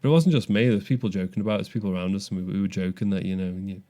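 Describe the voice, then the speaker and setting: A man's voice: deep voice, very fast, mellow. A young man co-hosting a podcast, telling a story animatedly with frequent restarts. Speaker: podcast co-host. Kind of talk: casual chat.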